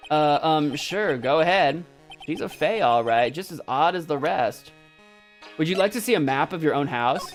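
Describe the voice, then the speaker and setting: Woman, game commentary, chatty, self-mocking, animated pitch, faint music behind. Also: moderate pace. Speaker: let's play streamer. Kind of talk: casual gameplay commentary.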